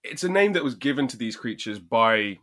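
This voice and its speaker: A man's voice: mid-range voice, expressive, brisk, fairly bright tone. A man co-hosting a podcast, joking around and explaining things at length in casual chat. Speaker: podcast co-host.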